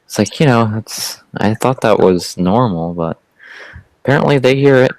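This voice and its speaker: A woman with a Connecticut accent and a strikingly deep, low voice co-hosts a casual livestream chat. She giggles easily and is quick to agree. Her voice sounds dry and close, with no room around it. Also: lively intonation, darkish tone, no echo, rough recording.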